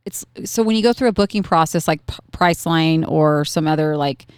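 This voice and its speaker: Casual chatty mom on a podcast, acts out her kids, smooth voice, dry close mic. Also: low-pitched, a little fast, no room sound. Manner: animated storyteller, acts out her kids' voices. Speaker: podcast co-host. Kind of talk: casual chat.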